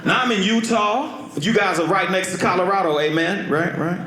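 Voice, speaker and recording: A man doing a stand-up comedy routine, telling stories animatedly, swinging from loud yelps to low mutters. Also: moderate pace. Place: comedy club stage. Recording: roomy live stage sound with crowd. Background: laughing audience.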